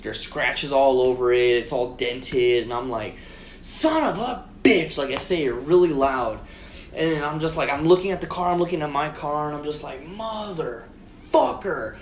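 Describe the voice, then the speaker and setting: A man co-hosting a podcast, telling a story in casual chat, swearing constantly and acting out his own shouted lines. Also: medium pitch, steady tone, moderate pace, a little hiss or hum. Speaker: podcast co-host. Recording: roomy echo.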